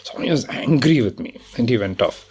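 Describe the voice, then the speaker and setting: A man with an Indian English accent, sharing a personal story in an animated, conversational way, often laughing and acting out what people said. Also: medium pitch, fairly quick, slightly rough.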